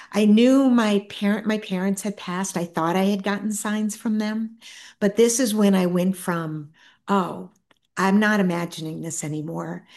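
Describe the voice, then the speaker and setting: A middle-aged woman, an author appearing as a guest, shares a personal story in a soft, earnest voice of medium pitch. She speaks haltingly, often stopping and restarting her sentences.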